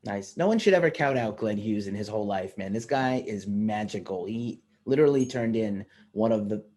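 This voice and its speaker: A laid-back male interviewer speaks with enthusiasm in a casual chat. His voice is low and mellow, and he keeps his questions loose and friendly. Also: expressive, normal speed.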